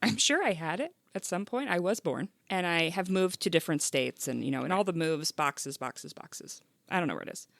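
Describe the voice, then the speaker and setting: A woman hosting a casual podcast interview, animated and playful, reacting with quick exclamations. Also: lowish voice, creaky, no room sound, clean studio sound. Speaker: podcast host.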